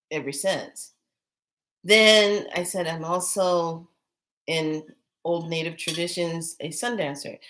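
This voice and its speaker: A middle-aged woman, a priestess, telling a personal story in casual chat, breathless and full of wonder-struck exclamations. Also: fairly low pitch.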